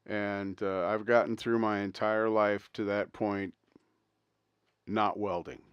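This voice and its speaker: A man's voice: fairly low pitch, little pitch movement, takes it slowly, clean tone, no room sound, dull audio. A man hosting his own livestream, telling rambling stories in casual chat and chuckling as he goes. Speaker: livestream host.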